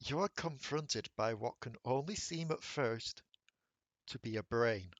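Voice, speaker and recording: A man's voice: mid-range voice, unhurried, no echo. A man narrating as dungeon master of a tabletop game, laughing easily and slipping into asides for the characters.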